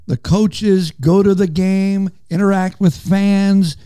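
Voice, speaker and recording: Older man, podcast co-host, reflective, high-pitched, dry close sound. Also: fairly even intonation, takes it slowly, warm tone, smooth, no room sound. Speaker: podcast co-host, former sports reporter. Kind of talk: casual interview.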